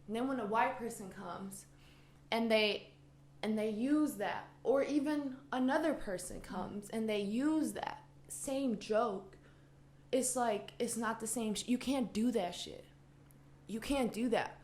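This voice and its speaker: A woman's voice: on the high side, a little slow, darkish tone. A woman co-hosting a podcast, a native Spanish speaker, talking casually and ranting heatedly with a lot of swearing. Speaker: podcast co-host. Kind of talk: casual chat. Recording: roomy echo.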